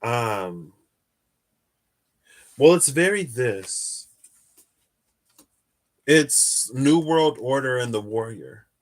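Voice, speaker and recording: Male tarot streamer, unhurried and meandering, mid-pitched voice; casual chat with viewers. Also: expressive. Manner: rambling, reflective, answers viewer questions. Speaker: tarot reader hosting a live stream.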